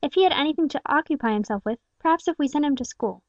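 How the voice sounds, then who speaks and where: A woman's voice: high-pitched, lively intonation, fast, dry recording, lo-fi sound, pitched above the performer's own voice. A woman voicing a timid, tender-hearted woman in an audiobook, pleading and faltering. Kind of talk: audiobook character reading.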